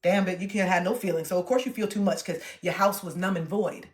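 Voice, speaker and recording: A woman livestreamer giving a casual pep talk straight to her viewers. She is blunt and profane, and she swings between loud dramatic outbursts and soft murmurs. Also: lowish voice, steady tone, quick pace.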